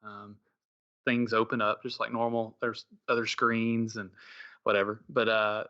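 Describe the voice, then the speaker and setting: A man's voice: on the low side, level tone, measured pace, sharp tone, dull audio. A middle-aged man co-hosting a podcast, telling a rambling story in casual chat with many fillers and restarts. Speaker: podcast co-host.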